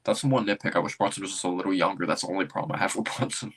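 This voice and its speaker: A man hosting a casual livestream as a basketball fan, rambling and thinking out loud with excitable bursts. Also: deep voice, very fast, breathy edge.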